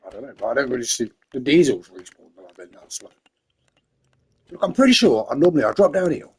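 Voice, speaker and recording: Husky-voiced English man rambling through a game. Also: medium pitch, very animated, fast talker, darkish tone. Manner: rambling, chatty, talks to himself and his in-game horse. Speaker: gamer, channel host. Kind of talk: casual gameplay commentary.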